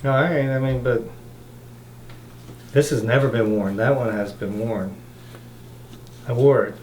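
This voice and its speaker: A man's voice: mid-range voice, steady tone, unhurried, a little mellow, a little hiss or hum, natural voice. A man acting in a scripted skit as someone insisting over which shirt to pick, hesitant and a bit pushy. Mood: insistent. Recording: roomy, distant with ambience.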